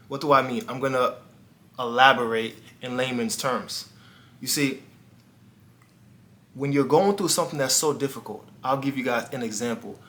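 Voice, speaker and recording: A man's voice: medium pitch, pushed and bright. A man, a life coach, telling a personal story in an earnest motivational monologue, speaking straight to the viewer and acting out the dialogue.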